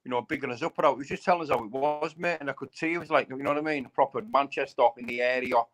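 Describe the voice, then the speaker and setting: A man in his late thirties chats in a casual live stream, blunt and rough-edged, keeps dropping slang and "you know what I mean". His voice sits at an ordinary middle pitch for a man. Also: very fast, a bit bright, faint music behind, poor audio. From England. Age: 30s. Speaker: bare-knuckle fighter.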